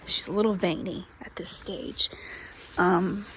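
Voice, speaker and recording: A woman filming a casual vlog while walking a horse barn at midnight, speaking quietly and often whispering so she won't disturb the mares. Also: fairly low pitch, fairly even intonation, measured pace, a little hiss or hum. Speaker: horse breeder vlogger. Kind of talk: casual vlog, hushed late-night barn walk. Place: dark horse barn at night.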